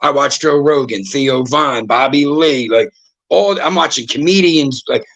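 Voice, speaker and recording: A man co-hosting a casual podcast, talking bluntly and with lots of swearing, telling animated stories. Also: mid-range voice, measured pace. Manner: blunt, profane, animated storyteller. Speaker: podcast co-host.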